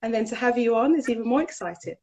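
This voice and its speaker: A woman's voice: a little high, animated, fast talker, darkish tone, low-quality recording. A woman from Jamaica hosting her own interview show, asking questions in an encouraging way. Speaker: talk show host. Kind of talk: casual interview chat.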